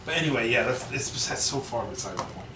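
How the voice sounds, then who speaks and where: A man's voice: mid-range voice, animated, fast. A man, a podcast co-host, telling a long rambling story in casual, profane talk full of restarts. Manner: rambling, profane, self-interrupting. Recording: echoey, distant, noisy room mic.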